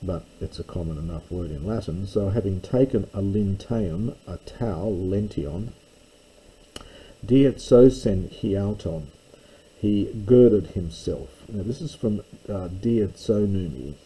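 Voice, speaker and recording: A man teaching a slow verse-by-verse Greek lesson, stopping often to explain words and grammar. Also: low voice, mellow, slightly rough, poor audio. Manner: careful, stops to explain grammar.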